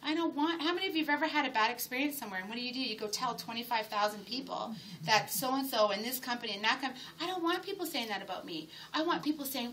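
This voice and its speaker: A middle-aged woman gives an enthusiastic sales training talk, including a role-played pitch, and often asks her audience questions. Her voice is high and fairly bright, with lively intonation and a quick pace, picked up by a distant mic with faint room noise.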